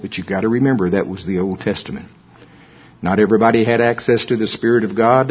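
A man's voice: medium pitch, husky. A man preaching a sermon in a folksy way, with humorous asides to the congregation. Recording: dull lo-fi recording.

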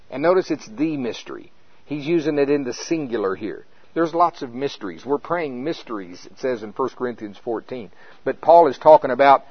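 Pitched fairly high, a man's voice carries a sermon in which he reads the verses aloud and cuts off mid-sentence to explain them. "Hallelujah" comes up again and again. The audio is lo-fi.

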